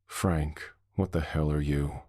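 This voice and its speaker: A man's voice: rumbling low, fairly even intonation, slow, warm tone, heavily acted. A man playing a frightened woman coworker. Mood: scared. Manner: whispered, tearful.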